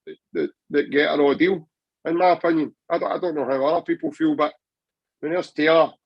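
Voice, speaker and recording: A man's voice: on the high side, fairly even intonation, brisk, creaky, husky, no room sound, lo-fi sound. A Scottish man chatting passionately about football on a podcast, rambling with many restarts. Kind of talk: casual football chat.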